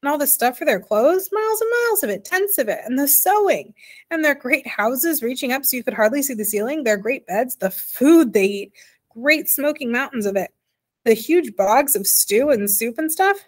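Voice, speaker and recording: A woman voicing a small, frank and spirited girl in a storybook, bright and lively. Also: fairly high pitch, moderate pace. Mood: excited.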